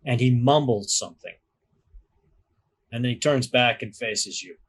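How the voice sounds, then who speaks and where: A man narrating a tabletop game as game master, describing scenes in a measured storytelling manner. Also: medium pitch, a bit bright, breathy edge.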